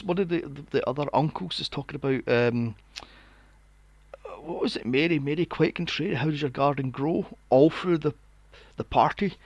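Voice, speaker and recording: Man in his forties, podcast co-host, sarcastic rant, slightly higher voice, dry close sound. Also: no room sound. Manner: ranting, sweary, sarcastic. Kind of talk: casual movie review chat.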